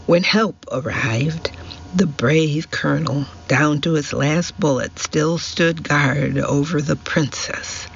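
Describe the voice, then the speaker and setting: An imperious, theatrical society lady, put on by a male audiobook reader, her lines slow and dramatic with a gravelly edge. The recording is slightly muffled, with a faint hiss behind it. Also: on the high side, fairly bright tone, heavily acted.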